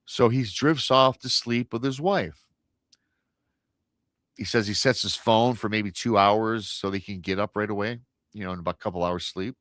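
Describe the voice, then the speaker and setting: As a guest storyteller on a paranormal radio show, a low-voiced man casually retells a creepy encounter at normal speed, animated and chatty, acting out the quoted voices and restarting often. The recording is close and dry, with no room sound or echo.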